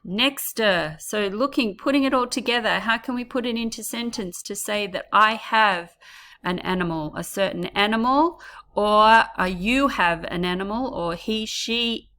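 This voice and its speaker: A woman teaching a German lesson to pupils, slowly modelling each word and cheering them on. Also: medium pitch, bright, forceful tone. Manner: slow, drawn-out modelling of words for repetition; encouraging, addresses pupils as guys. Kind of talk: classroom language lesson.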